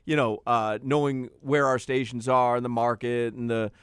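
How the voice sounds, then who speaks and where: A man's voice: medium pitch, level tone, moderate pace, clean tone, no room sound. A male sports radio co-host in casual studio banter, chatty and laughing often as he plugs the show. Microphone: studio microphone.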